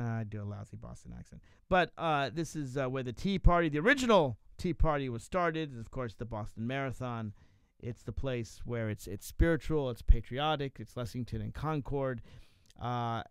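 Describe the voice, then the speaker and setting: A man hosting a radio talk show, musing out loud in a rambling way with many fillers and restarts, speaking into a studio microphone. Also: medium pitch, moderate pace, clean tone, no room sound. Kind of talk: solo radio talk monologue.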